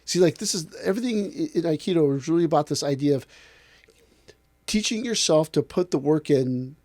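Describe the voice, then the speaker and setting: A man, an aikido instructor, in a casual podcast talk, telling lively stories and acting out other people's lines. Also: a little high, a little fast, no echo. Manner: animated storyteller acting out other people's voices.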